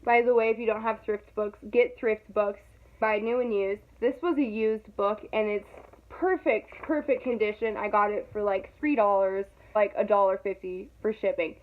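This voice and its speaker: A young woman vlogging casually to camera, animated and dramatic, laughing often and mocking her own overreacting. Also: mid-range voice, moderate pace. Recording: tinny phone-like sound.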